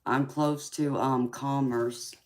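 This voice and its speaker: Forties woman, Georgia Southern drawl, very deep voice, slow and sweet-talking tarot host, faint hiss. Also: steady tone. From California. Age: 40s. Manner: affectionate, calls viewers sweetheart, drawn-out filler ums. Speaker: tarot reader hosting a live chat. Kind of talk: casual live-stream chat and tarot reading.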